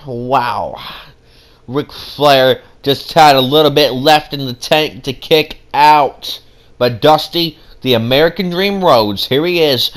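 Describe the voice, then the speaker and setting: A man hosting a gaming channel, giving excited play-by-play wrestling commentary over a video game and dropping into quiet muttered asides between the big moments. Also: mid-range voice, moderate pace.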